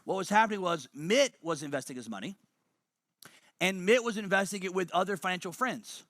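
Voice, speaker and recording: A man's voice: high voice, expressive, brisk, pushed and bright, dry recording, clean studio sound. A man presenting a motivational money webinar, emphatic and fond of repeating key lines.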